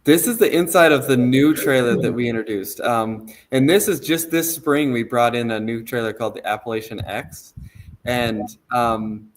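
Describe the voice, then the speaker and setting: A man's voice: mid-range voice, normal speed, slight background noise. A man casually walking a podcast audience through photos of a trailer, easygoing and rambling, with many ums and restarts. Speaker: trailer company representative.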